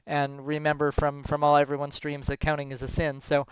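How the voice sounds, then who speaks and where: A man's voice: a little high, completely flat delivery, fairly quick, smooth, no room sound, low-quality recording. A man narrating a tabletop game as game master, hesitant and full of fillers.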